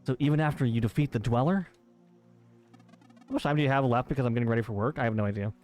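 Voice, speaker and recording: A man's voice: medium pitch, fast talker, darkish tone, faint music behind. A man streaming a game live, bantering and joking with his chat in a playful, teasing way.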